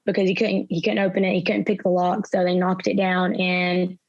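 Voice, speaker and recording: A young woman, a guest in an interview, retelling events through quoted dialogue in a soft, halting way with fillers. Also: lowish voice, level tone. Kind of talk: personal storytelling in an interview. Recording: slightly dull, dry sound.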